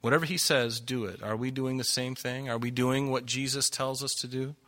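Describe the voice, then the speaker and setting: A man's voice: mid-range voice, steady tone, brisk, bright, forceful tone. A man preaching a sermon, reading scripture aloud and pressing his listeners with emphatic rhetorical questions. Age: adult. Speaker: pastor.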